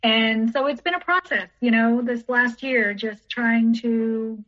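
A woman's voice: fairly high pitch, unhurried. A woman, a teacher, telling a personal story as a podcast guest, rambling and repeating herself as she goes. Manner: rambling, repeats herself, acts out others' lines. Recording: dull lo-fi recording.

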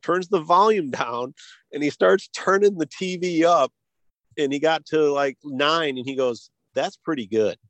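A man from the United States, a guest on an interview show, telling a story in a halting way with many restarts and chuckles. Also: fairly high pitch, a bit bright, no room sound. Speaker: guest, hearing device company co-founder.

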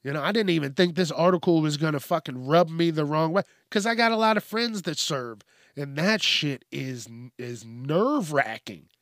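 A man hosting a casual comedic news show, ranting in a profane, animated way. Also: fairly high pitch, normal speed, no echo, studio quality. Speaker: show host.

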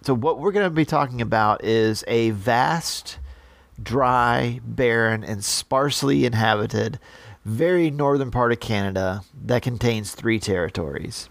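Man co-host, gravelly voice, dry close sound, halting and easygoing delivery. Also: mid-range voice, no room sound. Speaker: podcast co-host. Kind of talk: casual podcast chat.

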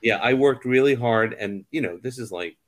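A man's voice: mid-range voice, moderate pace. A man in his fifties, a theater director, chatting casually and telling anecdotes as a guest. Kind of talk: casual conversation.

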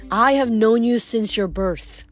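A woman voicing an imprisoned goddess who speaks in a hushed, stern, commanding tone. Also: on the high side, unhurried, no room sound, soft background music. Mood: ominous.

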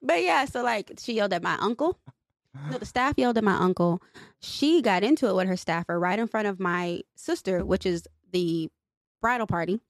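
A woman's voice: medium pitch, animated, normal speed, no echo, clean studio sound. A young woman co-hosting a podcast, venting in casual chat and swearing freely. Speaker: podcast co-host.

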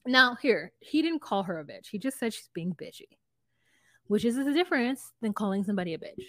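Woman, podcast co-host, casual recap chat, lively re-enactments, higher voice, dry close sound. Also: a little fast, no room sound. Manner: animated retelling, acting out both sides of a scene.

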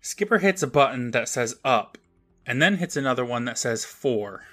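A man's voice: mid-range voice, lively intonation, normal speed, fairly bright tone, faint music behind. A man co-hosting a podcast, recapping an episode with sarcastic asides. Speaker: podcast co-host. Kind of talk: casual recap chat.

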